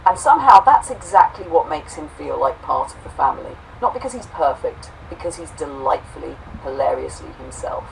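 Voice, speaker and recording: Woman reading a cozy story and musing after, low voice, faint noise behind. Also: lively intonation, a little fast, vocal fry, hardly any pauses, far from the mic. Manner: warm, affectionate, reads quote marks aloud. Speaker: podcast co-host and storyteller. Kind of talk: reading a story and reflective commentary.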